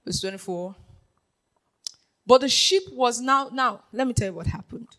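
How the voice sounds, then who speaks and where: A preacher giving a lively sermon, dropping to a hush and then rising to shouts, laughing often and checking in with the congregation. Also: mid-range voice, normal speed, rough recording. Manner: animated, swings from hushed to shouting, laughs often; keeps checking in with the audience.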